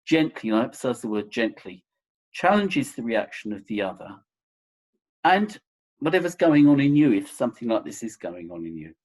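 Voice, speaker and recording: Man, counsellor, recorded seminar talk, husky voice, gentle explanations. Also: mid-range voice, sing-song, moderate pace. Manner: explains gently with examples, some fillers.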